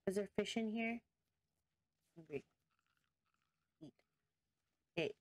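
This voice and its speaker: A chatty woman narrating her own gameplay in a casual let's-play. She thinks aloud and talks to her viewers and the creatures on screen, getting easily excited. Her voice sits at a middle pitch and sounds dry and close. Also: slow pace, dry recording. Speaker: gaming video host.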